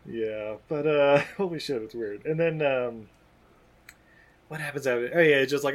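A man's voice: mid-range voice, moderate pace. A man recapping a movie in casual chat. He rambles, swears freely and laughs often as he talks.

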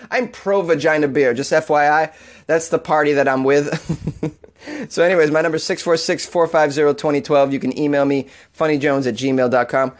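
A man with a slightly high-pitched voice hosts a comedy news show. He talks in a loose, riffing way, breaking into laughter and disbelief as he goes. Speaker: comedy news podcast host. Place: Los Angeles.

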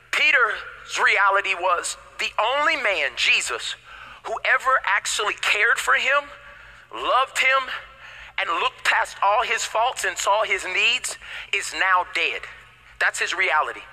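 Man, pastor preaching, casual slang, high voice, very bright tone. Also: poor audio. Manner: animated, casual slang, swings between loud and hushed. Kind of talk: sermon.

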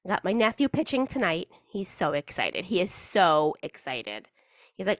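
A woman's voice: lowish voice, sing-song, moderate pace, dry recording, studio quality. A woman hosting a casual solo podcast in a chatty, rambling, playful way, with the odd swear word. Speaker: podcast host.

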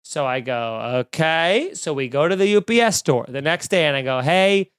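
Animated man telling a rant, smooth dry voice. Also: fairly high pitch, normal speed, no echo. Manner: animated, swearing, acts out both sides of phone calls. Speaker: storyteller. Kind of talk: casual storytelling rant.

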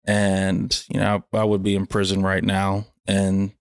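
A young adult man hosting a podcast, talking slowly and haltingly with lots of pauses and fillers. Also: deep voice, completely flat delivery, smooth, no room sound, studio quality. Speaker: podcast host. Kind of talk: casual reflective chat.

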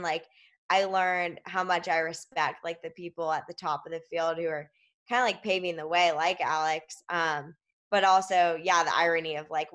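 A woman with a fairly low voice, speaking as a guest in a relaxed interview. She tells her story casually, leaning heavily on "like" and "um" as she goes. She stops along the way to explain the details step by step. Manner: fills her speech with "like" and "um"; explains things step by step while telling a story.

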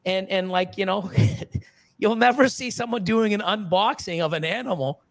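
A man's voice: high-pitched, normal speed, vocal fry, a bit bright. A middle-aged man in a casual podcast conversation, ranting angrily and profanely with many restarts and repeated words. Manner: angry, profane, heated ranting with frequent restarts. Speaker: podcast guest, reptile breeder.

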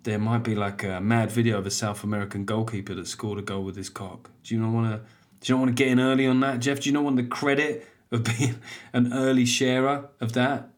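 A man voicing his own smartphone as it coaxes and tempts him, in a low, wheedling voice. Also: steady tone, brisk, lightly acted. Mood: coaxing. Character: a tempting smartphone calling its owner.

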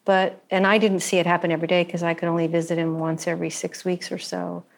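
A woman in reflective conversation who speaks thoughtfully and hesitantly, with many pauses and fillers. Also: lowish voice, flat delivery, gravelly.

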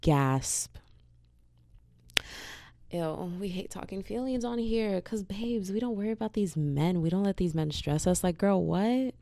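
A woman's voice: medium pitch, moderate pace, gravelly, few pauses, warm tone, no echo, studio quality. A young woman hosting a casual solo podcast, chatty and slangy, with lots of "like". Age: young adult. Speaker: podcast host.

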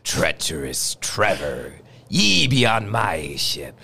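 Man putting on a gravelly pirate captain. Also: sits low, wildly swooping pitch, slow pace, pushed and bright, exaggerated voice. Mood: gloating. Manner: pirate dialect, mock-menacing. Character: gruff boastful male pirate captain. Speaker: podcast co-host.

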